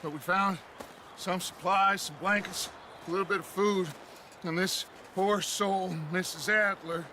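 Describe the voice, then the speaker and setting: An actor playing a commanding middle-aged outlaw gang leader who speaks smoothly and persuasively in a video game. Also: male voice, high-pitched, fairly even intonation, unhurried, a crowd in the background. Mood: reassuring.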